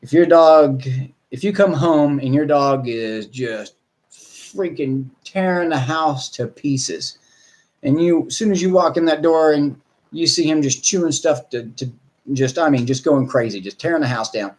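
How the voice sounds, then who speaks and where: A man's voice: fairly high pitch, a little slow, darkish tone. A man, a dog trainer, talking casually to viewers in a rambling, blunt way with mild swearing.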